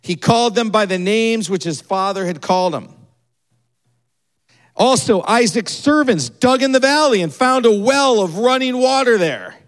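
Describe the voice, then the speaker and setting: A man preaching a sermon, retelling a story and acting out its people with quick changes in his voice. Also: sits high. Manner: animated, acts out the people in the story with quick shifts in voice. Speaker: pastor.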